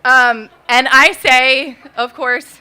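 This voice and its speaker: A woman in her thirties tells a true story on a bar stage, talking into a mic. She sounds nervous and chatty, and her many fillers keep her casual. Her voice is bright and fairly high. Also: steady tone, very slow, a little hiss or hum. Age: 30s. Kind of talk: live spoken storytelling. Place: bar stage at a live event.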